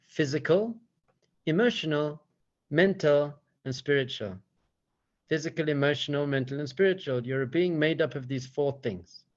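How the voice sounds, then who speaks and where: Rabbi guy teaching and telling stories, lively, slightly high voice, dull lo-fi audio. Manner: animated, rapid storyteller. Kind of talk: teaching talk with storytelling.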